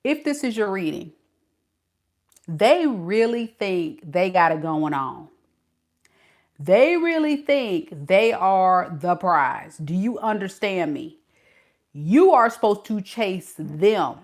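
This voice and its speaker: A woman's voice: mid-range voice, very animated, takes it slowly. A woman reading tarot cards for her audience. She is sassy and playful, and she drops slang as she talks straight to the listener. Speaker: tarot reader.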